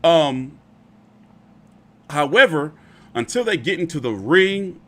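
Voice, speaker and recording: A man commentating on boxing clips in a casual, exasperated, animated way, swearing freely. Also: fairly high pitch, slow pace, long pauses.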